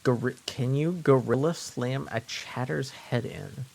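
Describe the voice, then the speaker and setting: A man's voice: mid-range voice, expressive, takes it slowly, creaky, a little mellow, slight background noise. A man from French Canada streaming live, chatting casually and jokingly with his viewers, rambling and often repeating himself.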